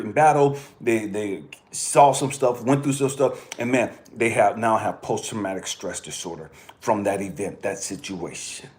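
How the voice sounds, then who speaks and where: A man from California speaking bluntly in a personal monologue, cursing freely and swinging from quiet remarks to impassioned outbursts. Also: fairly low pitch. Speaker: channel host.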